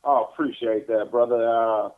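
A man's voice: medium pitch, fairly even intonation, normal speed, clear, resonant tone. A man calling in to a sports talk show, joking in a laid-back way over the phone. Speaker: regular caller. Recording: noisy phone line.

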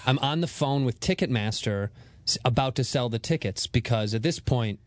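A man in his thirties from Chicago, a comedian guest on a talk show, telling a story fast and excitably and acting out the quotes. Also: medium pitch, no room sound.

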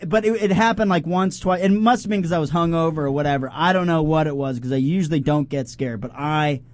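A man, a podcast co-host, telling an excitable story in casual chat, laughing and shouting out the punchlines. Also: on the high side, a little fast, no echo. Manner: excitable, laughing storyteller who yells out acted quotes.

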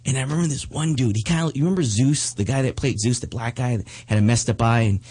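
Husky man telling animated stories. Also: mid-range voice, quick pace. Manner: animated storyteller, acts out quoted voices. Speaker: magician turned comedian. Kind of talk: casual chat.

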